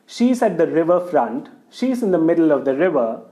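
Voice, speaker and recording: A man's voice: fairly high pitch, big pitch swings, moderate pace, warm tone. A man voicing a cunning man who schemes and persuades in a folk tale. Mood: persuasive. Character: cunning man plotting a trick.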